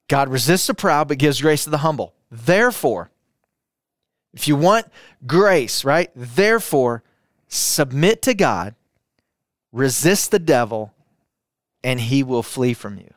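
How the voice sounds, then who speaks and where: A man's voice: on the high side, no echo, clean studio sound. A man preaching a sermon, emphatic and repetitive, firing rhetorical questions and asking listeners to repeat lines after him. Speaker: pastor.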